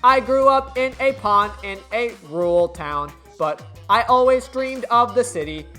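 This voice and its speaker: A man voicing a small, shy male robot, telling his story in a halting, earnest way. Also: very high-pitched, expressive, pushed and bright, faint music behind, voice pushed up, full character voice.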